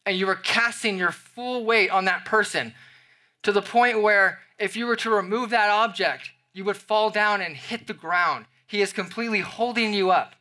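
Man, young adult, pastor preaching, scripture exposition with acted-out scenes, bright forceful tone, slightly high voice. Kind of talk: sermon.

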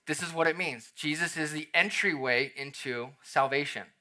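A young adult man preaching a sermon, dropping to a soft emphasis on key phrases and swinging his loudness up and down. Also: fairly high pitch, normal speed. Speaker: pastor.

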